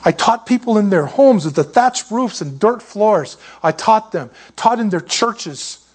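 A man with a notably high voice delivering a sermon. He preaches in a lively, storytelling way and drops joking asides. His tone swings between playful and earnest. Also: unhurried, husky. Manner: animated, jokey storytelling with laughs. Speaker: pastor.

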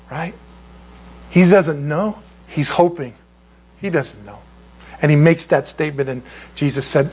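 A man preaching a sermon as a pastor, telling a story with feeling and dropping into high mocking voices for the people he quotes. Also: measured pace, pauses often, slight background noise.

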